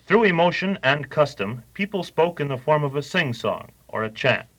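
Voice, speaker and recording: A man giving a measured, scripted explanatory narration. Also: fairly high pitch, animated, fairly bright tone, low-quality recording.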